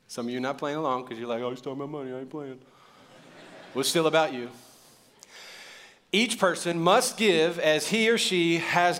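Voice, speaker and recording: A man's voice: medium pitch, fairly bright tone. A man preaching a sermon as pastor, talking in a conversational way with joking asides and building to emphatic points.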